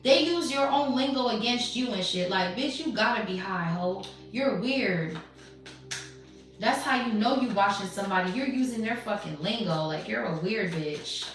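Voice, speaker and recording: A woman's voice: mid-range voice, animated, moderate pace, distant mic. A woman giving a tarot reading in a blunt, profane, slangy and mocking way. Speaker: tarot reader. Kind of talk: casual tarot reading monologue. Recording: very echoey room, voice off-mic.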